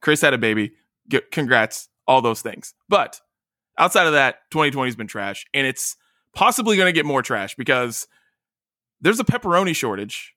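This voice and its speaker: A man's voice: mid-range voice, very animated, moderate pace, bright, forceful tone, no room sound, clean studio sound. A man co-hosting a podcast over a video call, presenting news in a mock-serious, casual way. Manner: mock-serious, newsy delivery. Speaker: podcast co-host. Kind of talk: casual chat.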